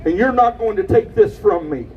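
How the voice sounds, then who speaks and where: High-pitched man shouting a rally speech. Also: animated, normal speed, far from the mic, dull audio, slight background noise. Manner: impassioned, preacher-like shouting. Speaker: rally speaker. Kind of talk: outdoor political rally speech. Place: outdoors at a rally.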